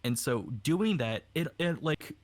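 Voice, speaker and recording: A man's voice: fairly high pitch, lively intonation, a little slow, no echo. A young man from Hawaii, an aspiring voice actor, chatting casually in a rambling way over a voice call. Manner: rambling, casual, with many fillers. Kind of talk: casual podcast chat.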